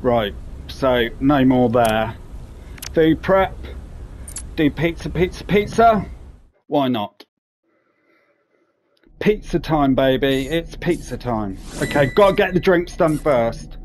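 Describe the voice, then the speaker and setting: Male gamer, casual self-talk commentary, slow and a bit high, audible background noise. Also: lively intonation. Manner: sweary, talks to himself while playing. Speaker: gaming commentator.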